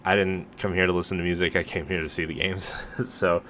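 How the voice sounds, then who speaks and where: A man's voice: deep voice, little pitch movement, brisk, fairly bright tone, slight background noise. A man co-hosting a podcast in casual chat, rambling and joking with plenty of filler words. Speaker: podcast co-host.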